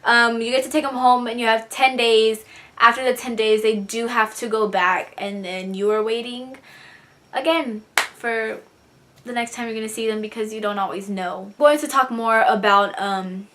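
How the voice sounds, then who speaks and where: A young woman talks straight to her camera in a loose, chatty vlog voice that sits a little high. She laughs easily and her voice turns teary when she talks about her brother. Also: steady tone, moderate pace, bright, forceful tone. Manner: chatty, giggly, tearing up while reading a letter. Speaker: vlogger. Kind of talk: casual chat to camera.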